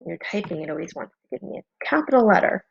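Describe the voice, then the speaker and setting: A woman's voice: mid-range voice, lively intonation, fast talker, gravelly. A woman teaching a phonics lesson, patient and encouraging, spelling out letters one by one. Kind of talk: slow, clearly paced phonics lesson. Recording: slightly dull lo-fi home recording.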